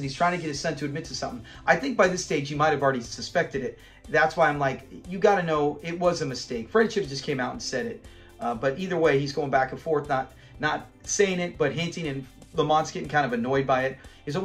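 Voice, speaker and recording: Male fan-channel host, slightly high voice, casual animated recap, chuckles a lot, faint music under. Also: fairly quick. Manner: animated, rambling, chuckles often. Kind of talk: casual chat recapping a sitcom episode.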